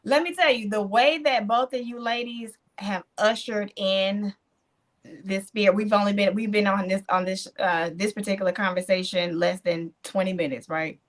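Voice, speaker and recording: A woman hosts a casual podcast, her voice sitting at an ordinary middle pitch. She tells stories in an animated way and drops in churchy affirmations as she goes. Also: normal speed. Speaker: podcast host.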